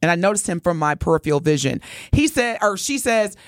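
A middle-aged woman co-hosting a podcast, telling a story in a casual, expressive way and speaking straight to her listeners. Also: lowish voice, a little fast, no room sound, clean studio sound. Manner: animated, expressive storyteller addressing listeners directly. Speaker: podcast co-host.

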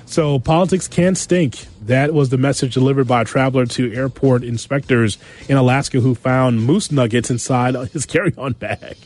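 A man hosting a sports radio show, reading news items and adding quick wisecracks. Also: medium pitch, darkish tone. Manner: wisecracking, quick asides after each story.

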